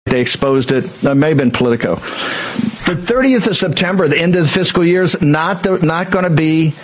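A husky man with a high voice, hosting political talk radio. He talks fast, combative and emphatic. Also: low-quality recording.

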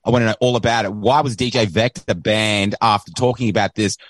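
An agitated Australian man venting as a caller on a political talk show. His voice sits low, and the sound is dry and close. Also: fairly quick, no echo.

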